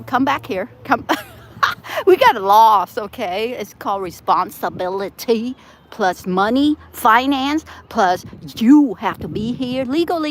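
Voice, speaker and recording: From an outdoor seaside plaza, a woman live-streams and chats in a rambling way, laughing often and breaking into sudden outbursts. Her voice is on the high side, with a little hiss or hum in the recording.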